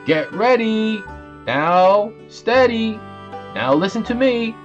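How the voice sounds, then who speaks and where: A man voicing a bossy, pushy male moose who shouts orders. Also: high-pitched, animated, takes it slowly, pitched above the performer's own voice. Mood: bossy, commanding. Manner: loud, commanding, shouting orders. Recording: dull lo-fi audio with music.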